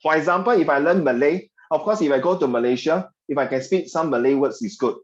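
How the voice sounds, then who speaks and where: Singaporean man tutoring an online English class, chatty and joking, somewhat high voice, dull lo-fi sound. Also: quick pace. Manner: chatty, joking, mixes local slang. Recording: dull lo-fi audio.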